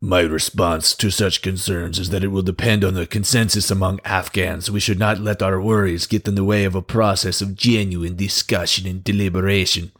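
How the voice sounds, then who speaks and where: A menacing male militant leader reads a formal statement in a put-on sinister foreign accent, as a man acts him out. The voice sits a little above a low baseline and sounds a touch set back from the mic. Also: fairly even intonation, normal speed, hardly any pauses, fairly bright tone.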